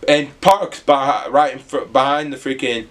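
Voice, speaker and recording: A young man from the US Midwest, telling a rambling, animated storytime with some swearing. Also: medium pitch, moderate pace. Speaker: vlogger. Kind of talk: casual storytime.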